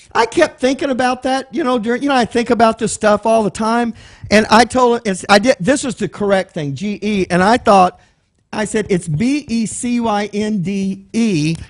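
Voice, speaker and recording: Texan guy with a high voice teaching bible class, chatty, keeps asking the room stuff. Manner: conversational, explains word by word, asks the room questions.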